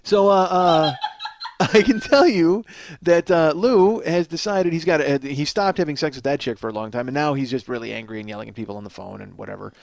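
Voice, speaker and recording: A man's voice: medium pitch, fairly quick, gravelly. A man hosting a comedy podcast, rambling through a profane, self-mocking monologue from a small apartment. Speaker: podcast host.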